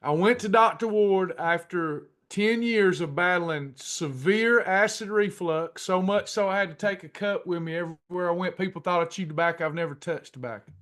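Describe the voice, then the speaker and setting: A middle-aged man telling a personal testimony to a class in a folksy, drawn-out way, acting out the dialogue. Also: high voice, fairly bright tone. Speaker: pastor and weight-loss class leader.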